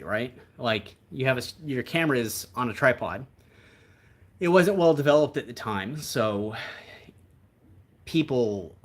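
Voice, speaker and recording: A man's voice: mid-range voice, a bit bright. A man hosting a livestream, chatting casually in a rambling, reflective way. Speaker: livestream host.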